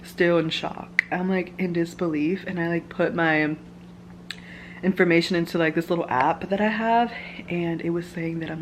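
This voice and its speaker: Young woman, excited story-time vlog, lots of "like", low-pitched, faint background hiss. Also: normal speed. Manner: gushing, full of "like" fillers. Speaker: vlogger. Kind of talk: casual story-time chat. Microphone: camera mic, filming herself.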